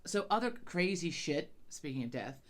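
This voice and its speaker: Deep-voiced and lively in intonation, this podcast co-host speaks at normal speed in loose, casual conversation. Her talk is profane and meandering, full of stammers.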